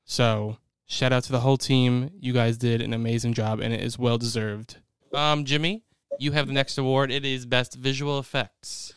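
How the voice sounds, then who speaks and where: A man's voice: mid-range voice, flat delivery, normal speed, clean tone, no echo, studio quality. A man co-hosting a casual podcast chat, chatty and teasing as he runs an awards segment.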